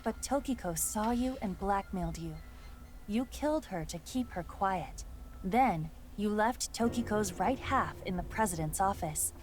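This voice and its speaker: An actress voicing a calm, analytical female AI in a video game, speaking in a matter-of-fact way. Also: medium pitch, measured pace, soft background music, close to an everyday voice.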